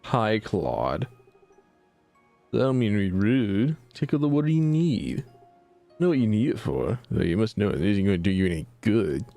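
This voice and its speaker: A man's voice: fairly low pitch, very animated, normal speed, vocal fry, dark tone, dry recording, faint music behind. A man voicing a snobbish, dismissive male aristocrat while reading game dialogue aloud. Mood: haughty.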